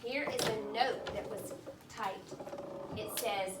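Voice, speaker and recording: A woman teacher reading a picture book aloud to her class, patiently pausing to ask questions and explain words in simple terms. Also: on the high side, very noisy. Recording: echoey classroom from far off.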